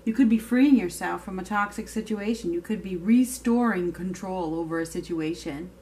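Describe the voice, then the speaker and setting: A woman's voice: lowish voice, moderate pace, a little mellow. A woman giving a casual tarot reading to her viewers, chatty and emphatic, now and then swearing. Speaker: tarot reader.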